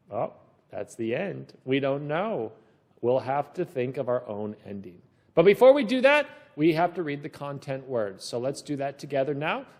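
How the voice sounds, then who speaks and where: A man's voice: medium pitch, darkish tone. A male teacher leading a children's reading lesson, reading a storybook aloud and asking encouraging questions.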